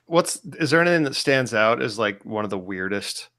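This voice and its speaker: Cohost guy asking questions, laughs a lot, lively pitch. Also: fairly quick, no echo. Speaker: podcast co-host. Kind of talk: casual podcast chat.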